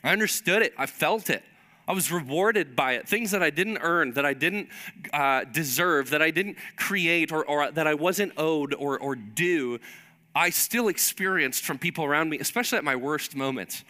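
Male pastor, sermon, animated storytelling, bright forceful voice, slightly high. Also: normal speed.

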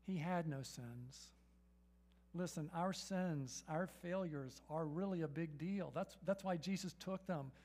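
A man preaching a sermon to a gathered audience, emphatic and questioning, swinging between loud urgent peaks and soft, intimate passages. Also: on the high side, a little slow. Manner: emphatic, asks the audience questions and repeats "right?".

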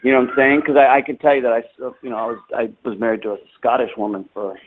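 A man's voice: medium pitch, quick pace. A middle-aged man co-hosting a podcast, talking in a rambling casual way with lots of fillers and restarts. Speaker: podcast co-host. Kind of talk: casual chat. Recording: tinny phone line with faint noise.

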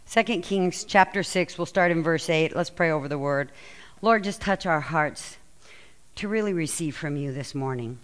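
Animated woman preaching a sermon. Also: sits low, moderate pace. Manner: animated storytelling, acts out quoted lines. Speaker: pastor. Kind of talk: sermon with scripture reading.

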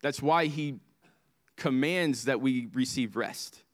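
A man preaching a sermon as pastor, swinging from impassioned highs to hushed lows. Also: slow pace.

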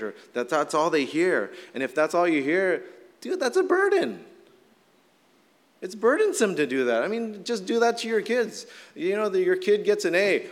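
A middle-aged man, a little hoarse from shouting, preaching a casual, conversational sermon full of "like" fillers. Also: on the high side, animated, moderate pace. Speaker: pastor. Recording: long hall reverb.

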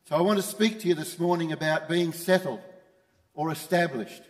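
A man's voice: a little high, normal speed, in a large hall. A man preaching a sermon as pastor, emphatic and repeating his key phrases. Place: church.

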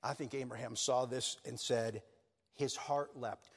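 A man's voice: medium pitch, fairly even intonation, unhurried, husky. A man preaching a sermon as pastor, earnest and building to emphatic peaks. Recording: long reverb of a church hall.

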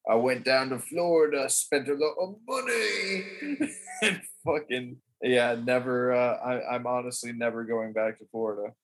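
A man's voice: medium pitch, expressive, moderate pace. A man co-hosting a podcast, joking around, laughing often and swearing in casual chat. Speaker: podcast co-host.

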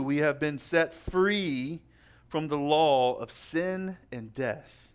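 A young man delivers a sermon as a pastor, his voice sitting a little high for a man. He preaches emphatically, slowing down to press on the words that matter. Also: smooth. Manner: emphatic, slows down to stress key words.

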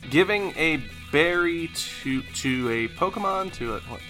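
A man's voice: on the high side, animated, unhurried, sharp tone, faint music behind. A man running a tabletop role-playing game, narrating events and calling for rolls. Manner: narrating actions, calling for checks. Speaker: game master.

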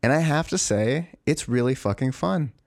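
A man's voice: medium pitch, lively intonation, normal speed, vocal fry, no echo, studio quality. A man in a profane, exasperated, rambling rant, full of restarts and asides. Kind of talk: ranting monologue.

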